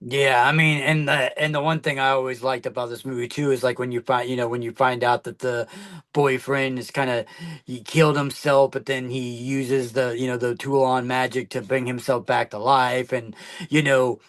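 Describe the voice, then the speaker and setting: A man's voice: medium pitch, little pitch movement, normal speed, fairly bright tone. A man co-hosting a podcast, talking in casual chat that rambles with many fillers and restarts. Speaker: podcast co-host.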